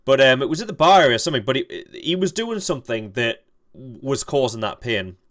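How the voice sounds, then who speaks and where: A young man streaming a game, telling a rambling, halting story and swearing freely. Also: medium pitch, big pitch swings, a bit bright. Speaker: gaming streamer. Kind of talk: casual storytelling while playing.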